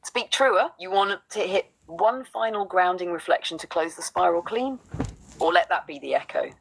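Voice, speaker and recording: A woman's voice: fairly low pitch, lively intonation, moderate pace, gravelly, a little hiss or hum, low-quality recording. A woman co-hosting a spiritual talk, speaking in a rhythmic, affirming spoken-word cadence. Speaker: co-host.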